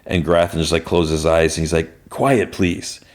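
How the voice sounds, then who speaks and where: Deep-voiced man retelling an episode. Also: normal speed. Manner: animated retelling, lightly acting each character's lines. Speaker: podcast host. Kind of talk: casual episode recap with quick voiced quotes.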